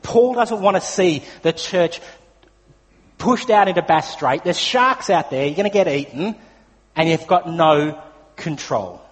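A man's voice: on the high side, animated, a little slow. An Australian man preaching a sermon, telling a personal story in a chatty way with frequent fillers. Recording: long hall reverb.

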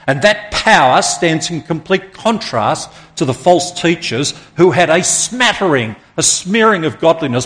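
A man's voice: medium pitch, fairly bright tone. A man preaching a sermon as pastor to his congregation, earnest and emphatic, stopping to put questions to the listeners.

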